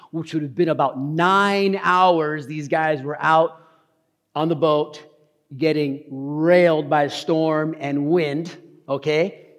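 A man preaching a casual, animated sermon, talking fast and tossing in slang. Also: fairly high pitch, long reverb tail. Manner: talks fast. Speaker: pastor. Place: church hall.

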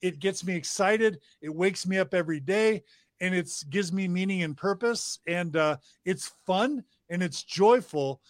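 A man's voice: sits high, measured pace, no echo, clean studio sound. A middle-aged man, a podcast guest, talking with passion and piling up emphatic lists of praise. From United States. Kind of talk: enthusiastic interview talk.

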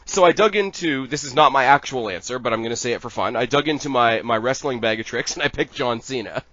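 A man's voice: medium pitch, fast, bright, forceful tone, slight background noise. A man in a casual fan-casting chat, rambling and crude, laughing often. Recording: dull lo-fi sound.

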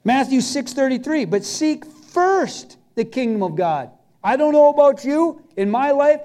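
High-voiced storytelling preacher man. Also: sing-song, measured pace, darkish tone. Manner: storytelling preacher, emphatic and conversational. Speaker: pastor. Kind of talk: sermon.

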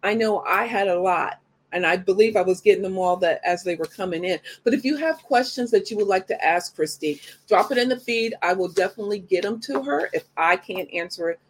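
A woman's voice: mid-range voice, fairly quick. A woman hosting a live show, chatting in an upbeat way and talking straight to her audience before asking her guest questions. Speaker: show host. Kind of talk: live show interview chat.

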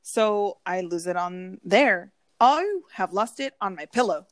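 A woman in her thirties chatting casually as a podcast co-host, telling animated stories and acting out what people said. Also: mid-range voice, a little slow, dry recording. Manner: chatty, animated storytelling with acted-out quotes and swearing. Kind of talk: casual chat.

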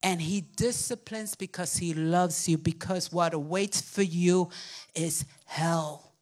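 An older woman pastor delivers a sermon with emphatic call-and-response to her congregation. Her intonation is fairly even, her pace slow and her tone darkish, and at times she acts out babbling toddlers in a squeaky voice.

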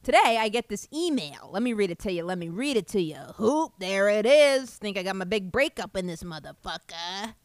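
With a mid-range voice at a moderate pace and hardly any pauses, a woman tells a comic story in a loose, rambling way, swearing freely and throwing in animated asides. The audio is close and dry with no room sound or echo, much like a home podcast mic.

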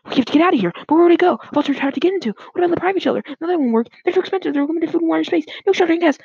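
A woman voicing a panicking father who rambles loudly and fast in a raised pitch. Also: dry recording. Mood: panicked. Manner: frantic, loud, high-pitched rambling. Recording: dull lo-fi dry recording.

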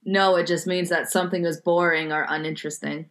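A woman's voice: on the low side, steady tone, a little fast, fairly bright tone. Laid-back young American woman. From United States. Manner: laid-back, quizzing with example sentences. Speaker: podcast co-host. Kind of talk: casual chat.

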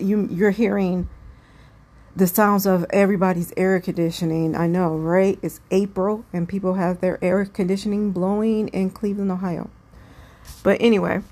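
A woman's voice: on the low side, darkish tone. A woman hosting her own podcast, talking alone at home late at night in a rambling, chatty, self-aware way. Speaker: podcast host. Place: home room with windows open.

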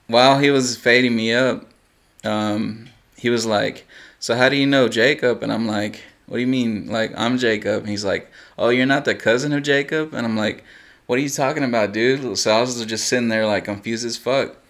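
A man's voice: mid-range voice, moderate pace. A young man on a casual podcast, telling a story with plenty of swearing, acting out the quotes and laughing as he goes. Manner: animated storyteller, swears freely, acts out quotes, laughs often. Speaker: podcast co-host.

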